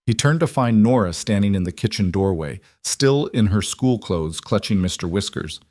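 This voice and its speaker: Low-voiced male story narrator. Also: normal speed, no room sound, clean studio sound. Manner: steady storytelling read. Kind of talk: scripted narration.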